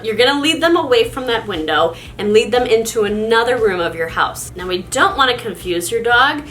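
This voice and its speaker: A woman with a fairly high, bright voice talks through dog-training advice in a chatty, upbeat vlog style. Her pitch moves a lot as she speaks. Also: sing-song, normal speed. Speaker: dog owner and video host. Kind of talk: casual instructional vlog.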